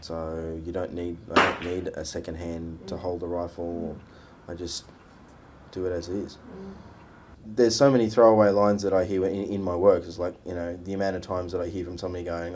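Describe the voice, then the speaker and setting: Very deep, even-toned Australian man. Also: a little fast, a little hiss or hum. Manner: relaxed, reflective, some wry humour. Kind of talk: documentary interview.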